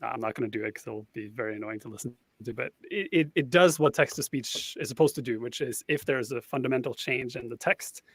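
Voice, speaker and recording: A man's voice: medium pitch, fairly quick, few pauses, a bit bright, breathy edge, no room sound. A man, a guest on a casual panel chat, explaining a tool at length and thinking aloud as he goes.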